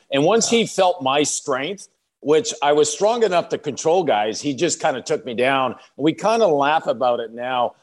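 A man in his sixties, a former player co-hosting a podcast, telling relaxed stories in casual chat. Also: fairly high pitch, moderate pace. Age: 60s. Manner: storytelling, relaxed.

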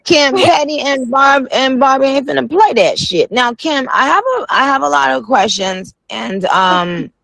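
A woman's voice: sits high, animated, measured pace, gravelly, hardly any pauses, a bit bright, dry recording. A woman hosting a radio show, chatting with a guest in a playful, slangy, teasing way. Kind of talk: casual radio interview.

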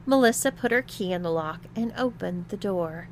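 A woman narrating an erotic audio story in a slow, even reading. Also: lowish voice, slight background noise.

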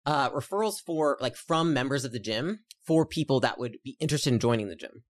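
A young woman, an entrepreneur guest, chatting casually and telling her story in quick, rambling sentences full of fillers. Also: very deep voice, lively intonation. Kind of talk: casual interview chat.

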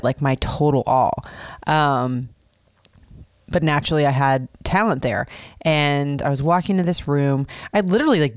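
A woman hosting a podcast, telling a personal story in a chatty, casual way, full of "like" fillers and animated retellings. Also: rumbling low, dry recording, studio quality. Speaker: podcast host.

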